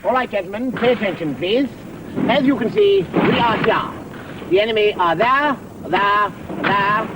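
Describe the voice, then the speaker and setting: A man doing a brisk army officer briefing his troops, crisp and commanding. The voice sits high and lively, heard from a distance over steady noise.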